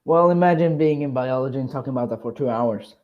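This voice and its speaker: A man's voice: medium pitch, quick pace, highs cut off. A teenage boy in casual chat, telling a story with many hesitations and restarts. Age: teens. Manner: hesitant, lots of ums and restarts, embarrassed.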